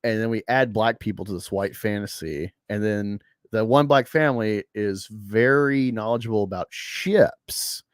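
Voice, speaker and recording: A man's voice: fairly low pitch, normal speed, few pauses, no echo, clean studio sound. A man hosting a casual reaction chat, rambling with many fillers and laughing at his own jokes. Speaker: host.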